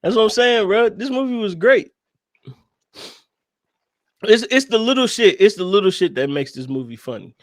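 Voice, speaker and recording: Man, high voice, dry close sound, animated profane film chat, podcast co-host. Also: normal speed, long pauses, no echo. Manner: animated, profane, laughing often. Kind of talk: casual movie review chat.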